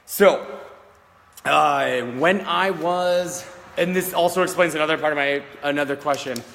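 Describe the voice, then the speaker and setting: A man's voice: fairly high pitch, a little slow, gravelly, fairly bright tone, in a large hall, slight background noise. A man in his thirties, a psychic medium, telling a personal story in a rambling, candid, casual way, often checking in with "all right?" and swearing now and then. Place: old country schoolhouse, indoors.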